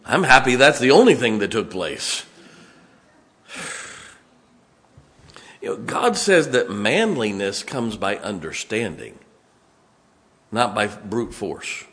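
A man preaching a sermon in a church, emphatic, swinging from loud to hushed. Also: fairly low pitch, sing-song, takes it slowly, pauses often.

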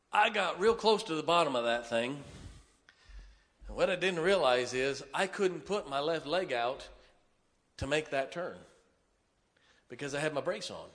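A man preaching, telling a folksy, animated, self-mocking story from the pulpit. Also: a little high. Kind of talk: storytelling sermon. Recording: long reverb of a large hall.

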